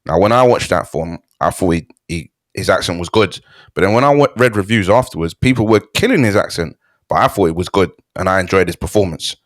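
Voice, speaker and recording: Man co-host, very deep and dry, hesitant but steady in his film opinions. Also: no room sound. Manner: hesitant, repeats words, calm and measured. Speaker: podcast co-host. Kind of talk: casual film review chat.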